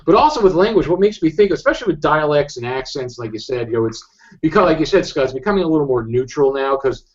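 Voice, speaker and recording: A man's voice: fairly high pitch, lively intonation, quick pace. A man in his forties from New York speaks with a neutral, Midwestern-sounding accent. He co-hosts a casual podcast, chatting loosely with plenty of fillers, over dull lo-fi audio. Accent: neutral American, Midwestern-sounding. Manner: chatty, many "you know" fillers. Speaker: podcast co-host.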